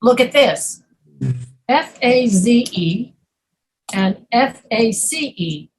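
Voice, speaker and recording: A woman teaching an English pronunciation class, patiently repeating words slowly to demonstrate sounds. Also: fairly high pitch, expressive, slight background noise, low-quality recording. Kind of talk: online pronunciation lesson.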